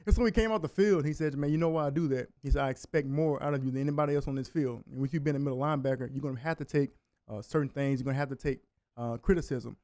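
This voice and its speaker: In a radio studio, a man who once played linebacker in college rattles off stories as a guest on a sports talk show, laughing along the way. He has a mid-range, darkish voice, captured in a dry recording.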